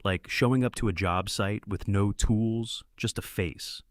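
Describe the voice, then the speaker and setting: Low-voiced man narrating a story. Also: measured pace, no room sound, studio quality. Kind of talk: first-person story narration.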